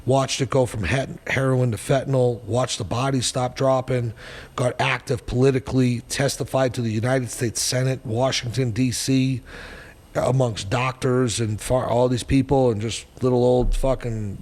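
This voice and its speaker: A man in his forties telling his story as a podcast guest, in a blunt, profane and animated way. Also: medium pitch, normal speed, long reverb tail. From New Hampshire, US. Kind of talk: storytelling interview.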